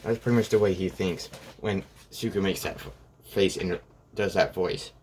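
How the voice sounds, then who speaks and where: A man's voice: low voice, moderate pace, a little mellow, slight background noise. A man casually retelling a fan-made story in a rambling way, full of fillers. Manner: rambling, full of "like" and "pretty much".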